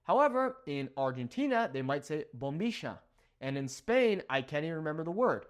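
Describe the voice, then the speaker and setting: A man's voice: on the high side, very animated, brisk. A young man from Southern California, a native English speaker, giving a language lesson and checking in with "okay?" after nearly every point. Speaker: Spanish teacher.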